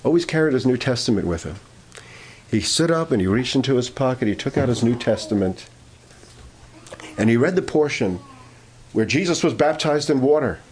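A man's voice: mid-range voice, expressive, moderate pace, pauses often, darkish tone, slight background noise. A man preaching a sermon, telling a story with many fillers and restarts, then rising to emphatic points.

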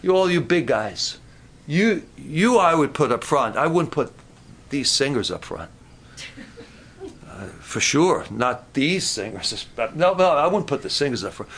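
A man preaching at a camp meeting, talking straight to the congregation with self-mocking humor and climbing to near-shouts when impassioned. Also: mid-range voice, a little hiss or hum. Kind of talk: sermon.

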